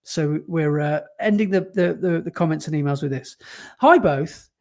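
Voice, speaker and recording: Male co-host, bright high voice, laughs easily while reading listener mail. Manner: animated and quick to laugh. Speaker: podcast co-host. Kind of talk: casual chat, reading listener emails aloud.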